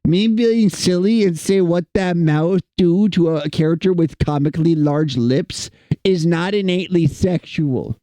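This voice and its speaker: A man's voice: on the high side, unhurried, dark tone, no echo. A man streaming casually, chatting with his chat in a playful, teasing way. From United States.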